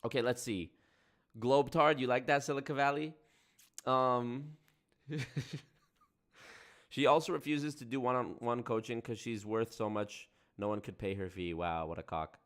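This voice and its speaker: A man's voice: mid-range voice, fairly even intonation, moderate pace, long pauses. A young man with a mid-range voice hosts a casual livestream. He rambles, swears, and jokes sarcastically with his chat. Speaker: livestream host. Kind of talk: casual stream commentary.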